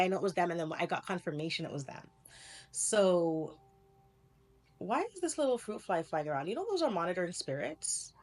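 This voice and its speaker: Woman vlogger, young adult, low-ish voice, rambling and animated, laughs a lot while telling her story. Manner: rambling, animated, laughs often, self-correcting. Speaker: spiritual vlogger. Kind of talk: casual storytelling to camera.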